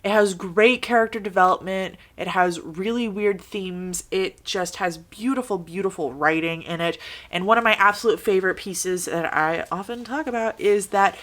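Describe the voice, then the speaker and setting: A woman's voice: mid-range voice, moderate pace, fairly bright tone. A woman casually reviewing her favorite books for a vlog, gushing and chatty, with lots of "like" and "super". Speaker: book reviewer.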